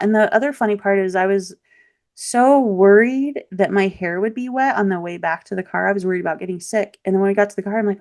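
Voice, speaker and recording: A woman guest on a podcast interview, telling a personal story in a lively, candid way. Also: mid-range voice, fast. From Michiana region, US Midwest. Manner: lively, animated storytelling with laughs and voiced quotes. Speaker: podcast guest, local practitioner.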